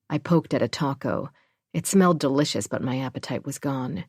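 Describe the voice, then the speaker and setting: A woman narrating a suspense audiobook in the first person, steady and unhurried. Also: extremely low pitch, dry recording, clean studio sound.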